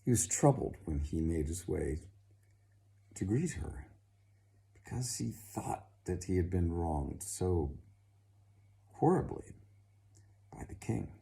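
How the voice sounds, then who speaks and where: A man narrating a folk tale in a slow, dramatic, expressive storytelling manner. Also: low voice, gravelly.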